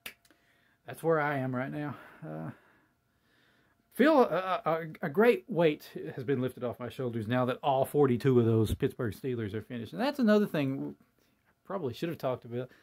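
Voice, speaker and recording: A man's voice: mid-range voice, expressive, normal speed, creaky, darkish tone. A man hosting his own hobby channel, talking casually and ramblingly with lots of fillers, in a folksy, self-deprecating way. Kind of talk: casual talk to camera.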